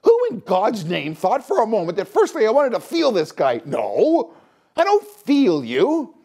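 This podcast host, a middle-aged man from Canada, scolds his listeners in a fed-up opinion rant. He speaks a little slowly in a high, mellow voice with huge swings in pitch.

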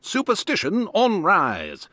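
A man's voice: high voice, huge pitch swings, takes it slowly, sharp tone, no echo, heavily acted. A man voicing a formal 1930s news announcer reading headlines in a game. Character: 1930s male newsreader, formal. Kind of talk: period newspaper reading.

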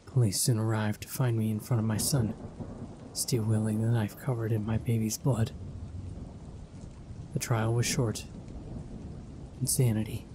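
A man reading a first-person horror story aloud in a measured, ominous storytelling manner. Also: lowish voice, little pitch movement, background noise. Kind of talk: scripted horror narration.

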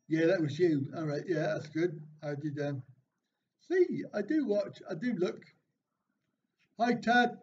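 A man hosts a casual live stream, reading out viewers' jokes and questions from the chat and answering with dry, self-mocking remarks. His voice sits a little high. The sound is dull and lo-fi, with a faint hiss underneath. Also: expressive, slow pace, long pauses, a little mellow. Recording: dull, slightly lo-fi stream audio with faint noise.

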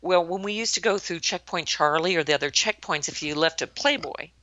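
Lady in her 60s, bright forceful voice, acts out quotes as she tells stories, dull dry lo-fi sound. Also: fairly low pitch, fairly quick, dry recording. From United States. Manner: lively storyteller who acts out quoted lines. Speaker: interview guest, retired army colonel. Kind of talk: anecdotal storytelling in a podcast interview.

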